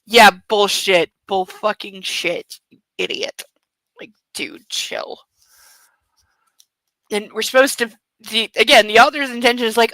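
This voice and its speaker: A woman's voice: mid-range voice, moderate pace, pushed and bright, no room sound, poor audio. A woman reading a novel aloud for a comic book club, breaking off into sarcastic, profane commentary.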